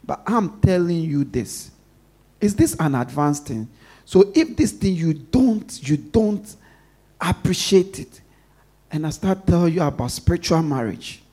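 A man's voice: a little high, sing-song, a little slow. Emphatic man preaching a call-and-response sermon. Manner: call-and-response, leaves questions for the congregation to finish; emphatic, swings between loud stresses and soft asides.

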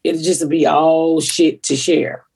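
A woman's voice: sits low, level tone, takes it slowly, creaky, warm tone, slightly rough. A woman hosting a podcast, talking in a blunt, profane, rambling way. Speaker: comedian podcast host. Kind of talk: casual podcast chat.

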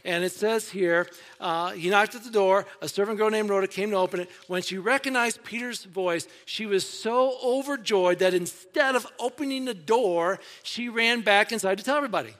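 Brief: male pastor, chatty story-driven sermon in a reverberant church hall, fairly high voice. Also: moderate pace, few pauses, a bit bright. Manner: conversational storytelling, acting out voices.

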